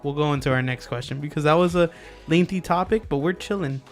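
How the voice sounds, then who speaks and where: A man's voice: on the high side, fast talker. A man hosting a casual podcast, rambling loosely with many fillers and restarts. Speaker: podcast host. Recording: lofi music underneath.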